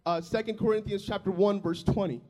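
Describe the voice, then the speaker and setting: A man in his twenties preaching a sermon, telling his own testimony in an earnest, emotional way that swells loud and drops soft. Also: high-pitched, steady tone, fairly quick. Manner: earnest and emotional, loudness rising and falling.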